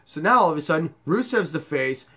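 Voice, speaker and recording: A man's voice: fairly high pitch, sing-song, a little fast, bright, forceful tone, breathy edge. Young male let's-player, crude and sarcastic, ranting at the game. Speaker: gaming YouTuber. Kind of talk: profane let's-play commentary.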